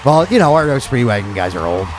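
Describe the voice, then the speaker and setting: A man's voice: mid-range voice, animated, fast talker, noisy background. A man hosting a casual radio show, rambling through music news with stammered restarts and frequent laughs.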